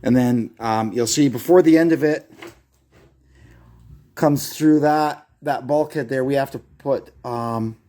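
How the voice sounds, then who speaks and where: Here a man with a dark, mid-range voice fixes a brake lathe in his garage and explains each step casually. His speech halts with fillers as he thinks aloud on the job, and the audio comes from a phone camera propped close by.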